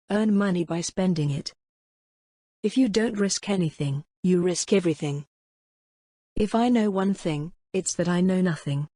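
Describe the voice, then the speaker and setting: A woman reading scripted educational narration in a measured, explanatory way, like a teacher. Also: lowish voice, mellow, breathy edge, no echo, studio quality.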